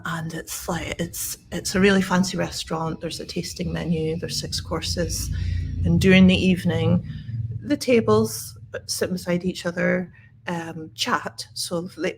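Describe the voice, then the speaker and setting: A woman's voice: fairly low pitch, creaky, husky. A Scottish woman who teaches English, telling a story to camera in a chatty way with lots of fillers and restarts. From Scotland.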